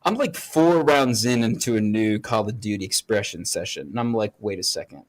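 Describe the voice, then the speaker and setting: A young man co-hosting a podcast, telling a story in casual chat with lots of swearing and animated bursts. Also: fairly low pitch, moderate pace. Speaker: podcast co-host.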